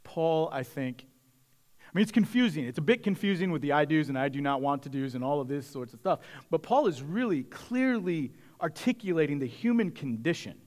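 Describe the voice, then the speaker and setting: A man's voice: a little high, animated, fairly quick, darkish tone. Reflective, conversational male pastor. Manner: conversational and reflective, speaking to the congregation directly. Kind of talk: sermon.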